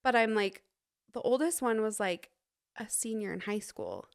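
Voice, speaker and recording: Young woman from Utah, podcast guest, chatty, animated storytelling. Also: moderate pace, creaky. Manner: animated storytelling, acting out dialogue in a raised pitch. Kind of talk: casual chat.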